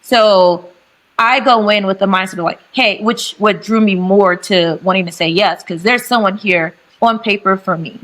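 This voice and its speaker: A woman's voice: medium pitch, normal speed, a bit bright, rough recording. A young woman with a St. Louis accent talks candidly on a video call. She is a guest on a podcast, and she chats freely and laughs easily. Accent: St. Louis, Missouri. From St. Louis, United States. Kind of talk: casual podcast chat over video call.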